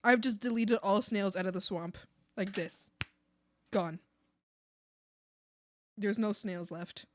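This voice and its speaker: A woman's voice: mid-range voice, takes it slowly, long pauses, a little hiss or hum. A woman streamer chatting casually with her chat, playful and teasing, laughing often into a desk mic. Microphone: desk microphone.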